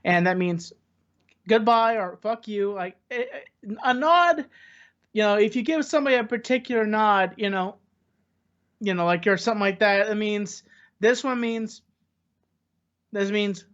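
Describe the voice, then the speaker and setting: A man's voice: high voice, a little slow, pauses often, a bit bright. A man talking as a podcast guest in casual chat, rambling and hesitant with many restarts. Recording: dull lo-fi audio.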